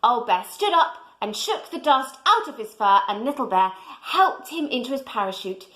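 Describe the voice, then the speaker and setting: A woman reading a children's storybook aloud in a gentle way, pointing out the pictures to young listeners. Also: a little high, very animated, moderate pace, poor audio.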